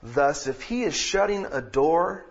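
A man delivers a sermon at a slow, deliberate pace, his husky voice rising from calm explanation to loud, emphatic peaks. His pitch swings widely. The recording sounds a little dull and lo-fi. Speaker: pastor.

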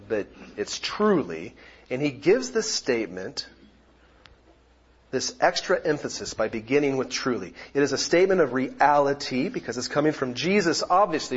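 A man preaching a sermon as pastor, explaining scripture in a measured way and breaking into loud exclamations. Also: mid-range voice, breathy edge, muffled recording. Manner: animated, shifting from quiet explanation to loud exclamations.

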